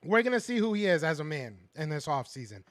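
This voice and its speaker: A man's voice: fairly high pitch, sing-song, fast, no room sound, studio quality. A man hosting a casual fan podcast, ranting in frustration, repeating himself and answering viewers' chat. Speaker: podcast host reading live chat.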